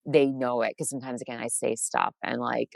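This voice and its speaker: A woman from Massachusetts with a faint local accent, chatting as the guest in an interview, bubbly and quick to laugh, with many restarts. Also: extremely low pitch, level tone, vocal fry, dry recording. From Massachusetts, USA. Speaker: author guest. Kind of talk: casual interview chat.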